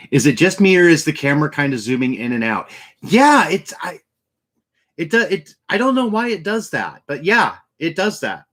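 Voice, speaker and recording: A man hosting a casual livestream in a fairly high voice, chatting loosely with viewers. He talks in quick bursts and restarts his sentences often. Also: big pitch swings, a bit bright. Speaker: livestream host.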